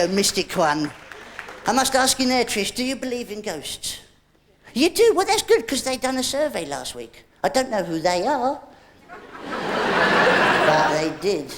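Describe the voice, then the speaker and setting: Squeaky, animated cheeky male comedian. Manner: cheeky, teasing banter full of innuendo, squeaky shrieking rises. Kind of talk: live stand-up with an audience volunteer. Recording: loud hiss on an old VHS tape recording.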